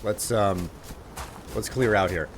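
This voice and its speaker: A man's voice: fairly low pitch, slow pace, slight background noise. A man streaming a game live, chatting casually with viewers, thanking them for gifts and sounding exasperated at their requests.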